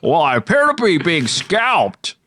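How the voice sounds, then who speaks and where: A man's voice: fairly high pitch, very animated, measured pace, sharp tone, pitched above the performer's own voice, full character voice. A man doing a comic impression of a polite, stuttery old-time male film star who gets flustered. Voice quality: stammering, drawling.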